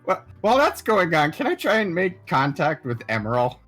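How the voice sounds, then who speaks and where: A man's voice: fairly high pitch, wildly swooping pitch, moderate pace, a bit bright, soft background music. A man playing a tabletop game, hesitant and stammering as he speaks. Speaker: player. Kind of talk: tabletop role-play.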